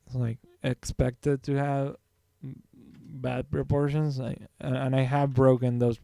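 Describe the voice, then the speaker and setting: A man's voice: mid-range voice, level tone, measured pace, creaky, dark tone, no echo, clean studio sound. A man streaming his drawing, talking casually to himself and his viewers in a rambling, self-correcting way. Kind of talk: casual thinking-aloud while drawing.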